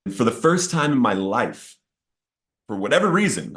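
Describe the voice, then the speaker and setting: A man's voice: mid-range voice, very animated, moderate pace. A man sharing a personal testimony of addiction and recovery, earnest and emotional, his voice rising sharply at the intense moments. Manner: earnest, emotional storytelling, rising to near-shouting at peaks. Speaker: testimony speaker.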